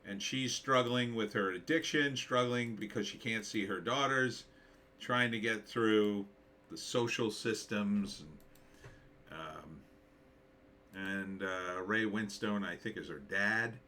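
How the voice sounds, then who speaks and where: A man's voice: on the low side, slow, bright, forceful tone, a little hiss or hum. A man talking through a movie trailer in casual commentary, thinking aloud and rambling with many fillers. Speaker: screenwriter reviewing a movie trailer.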